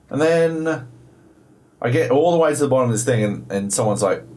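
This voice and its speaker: A man's voice: medium pitch, sing-song, normal speed. A young Australian man co-hosting a podcast, telling a story in a profane, exasperated way. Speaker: podcast co-host. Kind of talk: casual chat about video games.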